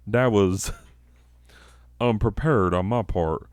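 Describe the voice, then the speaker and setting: Male comedy podcaster, deep and unhurried, profane and rambling. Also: no room sound. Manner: profane, rambling, self-mocking. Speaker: podcast host.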